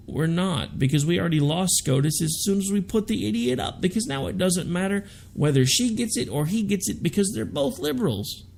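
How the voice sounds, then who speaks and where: A man's voice: high-pitched, gravelly, a little hiss or hum. A man hosting a political talk radio show, delivering a sarcastic, ranting monologue.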